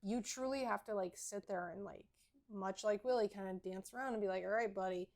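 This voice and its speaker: A woman with a medium-pitched, gravelly, fry-tinged voice co-hosts a relaxed podcast about horses. Speaking fairly quickly, she earnestly explains things and offers practical advice.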